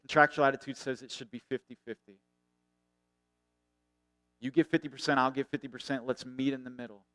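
Middle-aged male pastor, earnest sermon delivery, smooth resonant voice, soft drops to near-whisper. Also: mid-range voice, fairly even intonation, fairly quick, pauses often, no echo. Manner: earnest preaching that swells and then drops to a hush.

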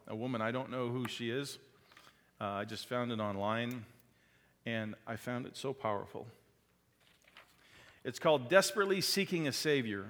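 A man's voice: medium pitch, vocal fry. Impassioned preacher man in a reverberant hall. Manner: impassioned, rising to loud emphasis and dropping to quiet. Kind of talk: sermon.

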